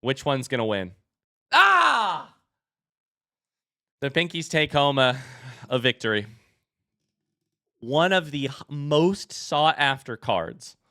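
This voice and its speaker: A young man live-streaming as he opens card packs and chats with viewers, turning excitable and hyping each reveal. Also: a little slow, no echo, clean studio sound. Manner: excitable, bursts into high shouts; hype commentary.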